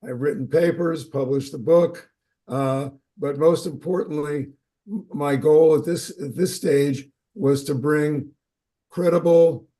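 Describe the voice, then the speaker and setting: Guy with a warm mellow voice, slightly high, calmly explaining stuff on a video call. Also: measured pace. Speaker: autism services expert. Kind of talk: webinar discussion.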